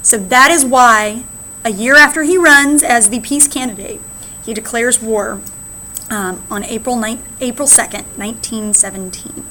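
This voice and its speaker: A woman's voice: on the high side, unhurried, sharp tone, a little hiss or hum. A woman teacher with an American accent, explaining slides in a recorded lesson and often checking in with "right?". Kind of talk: recorded classroom lecture.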